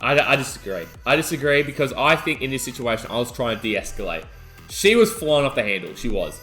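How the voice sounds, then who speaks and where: A young adult man, co-hosting a podcast and telling a wild story in excitable casual chat. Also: medium pitch, a little fast, soft background music. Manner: animated, excitable storytelling, yelling out quoted lines. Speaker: podcast co-host.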